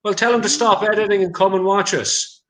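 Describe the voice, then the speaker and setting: A young Irish man with a County Clare accent hosts a relaxed livestream. His voice sits on the high side, and he chats easily, swears casually and reads out viewer comments as they come in. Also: a little fast, a crowd in the background. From Ireland. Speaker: livestream host.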